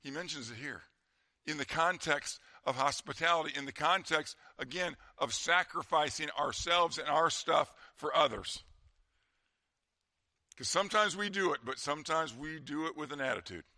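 Man, pastor, sermon delivery; slightly high, very bright voice, conversational with quiet emphasis. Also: normal speed, no echo, clean studio sound.

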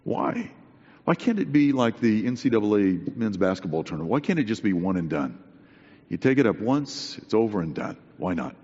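Low-voiced guy preaching a sermon, husky, earnest and chatty, echoey hall, kinda muffled. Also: big pitch swings, moderate pace, a little mellow. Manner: earnest, conversational, emphatic repetition. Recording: dull recording with long hall reverb.

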